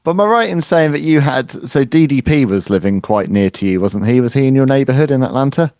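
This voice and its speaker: A man's voice: medium pitch, animated, fast talker, darkish tone. A man hosting an interview, asking brief, casual questions and adding short agreements. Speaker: interview host.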